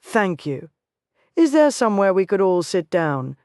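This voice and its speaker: A woman voicing a young, tidy female detective with a Scottish accent who asks brisk, probing questions. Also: medium pitch, sing-song, a little mellow, no echo, studio quality.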